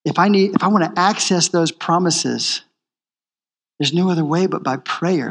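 High-voiced man preaching a sermon. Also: normal speed, creaky, fairly bright tone, long reverb tail. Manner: emphatic, repeats key phrases. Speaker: pastor.

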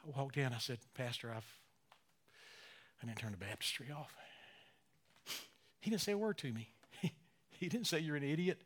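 A pastor in his sixties delivers an emotional sermon in a medium-pitched voice. He drops to near-whispers, then rises to loud, fervent emphasis, slowing down on key phrases.

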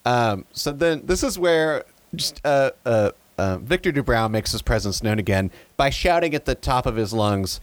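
A man's voice: medium pitch, lively intonation, moderate pace, hardly any pauses, dry recording. A man co-hosting a podcast, chatting casually while recapping a movie scene, with dry humor and frequent restarts. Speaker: podcast co-host.

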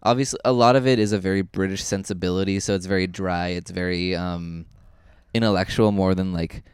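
A man with a lowish, smooth voice talks through a film review in loose, casual chat. He rambles and corrects himself as he goes, getting animated. The sound is dry and close. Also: a little fast, no room sound. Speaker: podcast co-host.

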